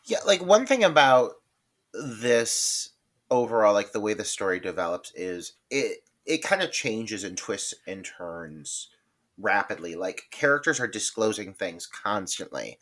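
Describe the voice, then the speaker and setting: A man co-hosting a casual film podcast, talking in an animated, enthusiastic way with lots of filler words. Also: lowish voice, unhurried. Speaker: podcast co-host.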